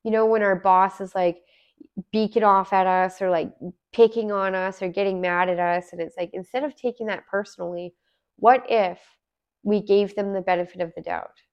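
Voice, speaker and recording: A woman's voice: medium pitch, fairly even intonation, moderate pace, clear, resonant tone, highs cut off. A woman from Alberta, musing in a casual, earnest monologue full of rhetorical questions. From Alberta, Canada.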